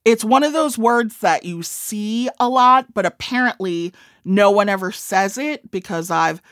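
A woman's voice: medium pitch, lively intonation, a little slow, a bit bright, no echo, clean studio sound. A woman in her forties with a Midwestern accent, an author chatting in a wry, self-deprecating way. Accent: Midwestern American. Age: 40s. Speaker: author and comedian. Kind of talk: casual interview chat.

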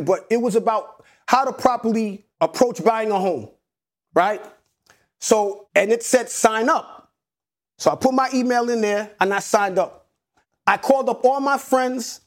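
A man in middle age, a real estate investor guest, telling his personal story in an earnest, emotional way and repeating key phrases. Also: high voice. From United States. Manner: earnest, repetitive, animated storytelling.

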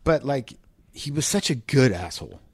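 A man co-hosting a podcast, telling a rambling, profane anecdote in a loose, animated way. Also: medium pitch, moderate pace, husky, no room sound. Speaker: podcast co-host, former pro ballplayer. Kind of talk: casual storytelling chat.

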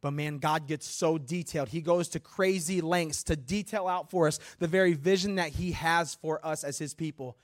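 A man preaching a sermon in a church, reading scripture and joking in a lively, conversational way. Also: on the high side, moderate pace, few pauses. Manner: animated, humorous, conversational preaching. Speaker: guest preacher.

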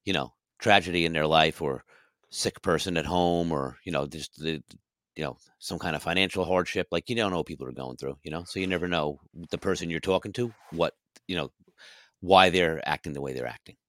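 A middle-aged man with a very low voice swaps music-scene stories in a relaxed podcast chat. He laughs easily and slips into little character voices when quoting people. The sound is dry and close, with no room echo. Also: brisk. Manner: laughs often, acts out quotes in character voices. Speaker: podcast co-host. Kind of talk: casual chat.

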